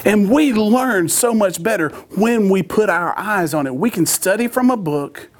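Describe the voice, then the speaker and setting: A man's voice: high voice, expressive, a little slow. A middle-aged man, preaching a sermon in a humorous, folksy storytelling manner.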